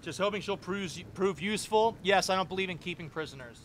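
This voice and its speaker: A man's voice: high-pitched, fast, a bit bright, a little hiss or hum. A young man streaming a game, giving casual, chatty and joking commentary.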